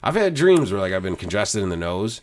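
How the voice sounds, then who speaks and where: A man's voice: sits low, very animated, brisk, a little mellow, a little hiss or hum. A man on a podcast, casually telling a story, swearing often and laughing a lot. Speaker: podcast host. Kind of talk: casual chat.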